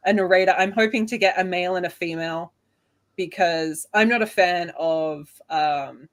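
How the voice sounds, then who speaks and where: Guest author, woman, mild Adelaide Australian accent, lowish voice, chatty and self-deprecating. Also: normal speed. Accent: soft Australian (Adelaide). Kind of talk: casual interview chat.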